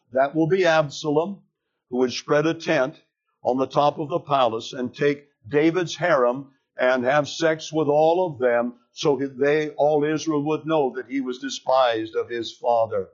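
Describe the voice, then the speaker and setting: Slow, dramatic male preacher, lo-fi. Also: on the high side. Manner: dramatic, deliberate storytelling. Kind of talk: sermon retelling a scripture story. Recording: dull lo-fi recording.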